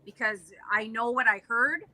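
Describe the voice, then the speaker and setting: A woman's voice: a little high, moderate pace, a crowd in the background, low-quality recording. A woman paranormal investigator telling a dramatic story as a guest, emphatic and vivid. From Canada. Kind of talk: casual storytelling.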